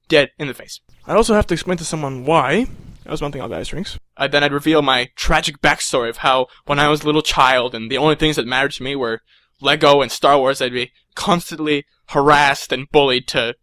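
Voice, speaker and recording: A man's voice: a little high, a little fast, no echo. A young man telling a rambling comic rant about being a supervillain, stammering and acting out little voices. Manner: excitable, stammering, acts out voices. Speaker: comedic storyteller.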